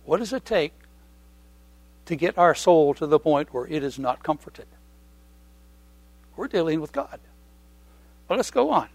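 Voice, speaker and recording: A middle-aged male preacher with a slightly high voice gives a sermon in an easy, conversational way. He repeats key phrases for weight and clears his throat often. The recording is dry and close. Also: sing-song, a little slow, long pauses, dry recording.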